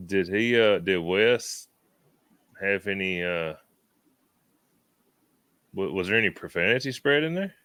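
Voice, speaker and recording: A man co-hosting a podcast, chiming in with slow, teasing questions during casual chat. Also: sits low, expressive, a bit bright, smooth, no echo. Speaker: podcast co-host.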